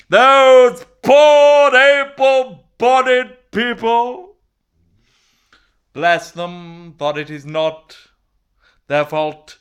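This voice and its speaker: A man's voice: fairly high pitch, fairly bright tone, clear, resonant tone, exaggerated voice. A man playing a pompous posh disability guru. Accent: posh English. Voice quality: plummy, theatrical, calls everyone darling. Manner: grand, rambling, loses his thread. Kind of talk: comic character monologue.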